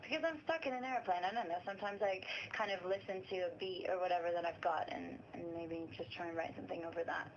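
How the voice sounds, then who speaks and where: A woman's voice: fairly low pitch, quick pace, few pauses. A young woman singer chatting casually as a guest in a radio interview, talking easily with fillers and frequent laughs. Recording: dull lo-fi sound with faint noise.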